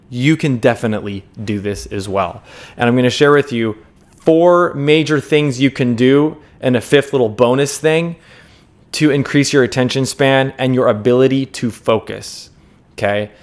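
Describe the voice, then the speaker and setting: A man in his thirties talking straight to camera, giving unscripted self-help advice in an earnest, emphatic way, repeating key words and checking in with the viewer. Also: mid-range voice. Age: 30s.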